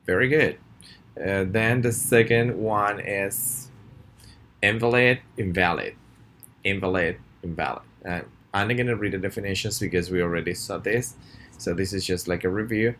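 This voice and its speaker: A man with a very deep voice, whose first language is Spanish, leads a recorded pronunciation class. He speaks in a friendly way, saying each word slowly and asking students to repeat after him. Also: fairly bright tone, a little hiss or hum. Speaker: pronunciation teacher. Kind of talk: recorded video lesson.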